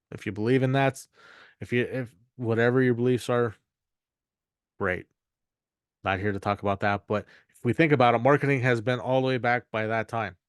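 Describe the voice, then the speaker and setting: A man teaching an online marketing course, talking off the cuff, rambling and repeating himself and acting out quick asides. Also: mid-range voice, clean tone, dry recording, studio quality. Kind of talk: unscripted course talk.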